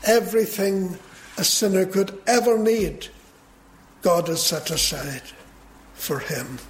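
A man preaching a sermon in a measured way, building to emphatic peaks. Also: high voice, lively intonation.

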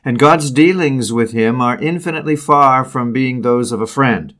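A man reading an old sermon aloud in a solemn, measured way, slowing down on key phrases. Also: mid-range voice, fairly bright tone.

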